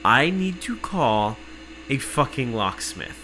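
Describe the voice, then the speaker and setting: A man telling an exasperated, profane story in casual podcast chat, cursing freely and working himself up to shouting. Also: mid-range voice, sing-song, slow, soft background music, low-quality recording.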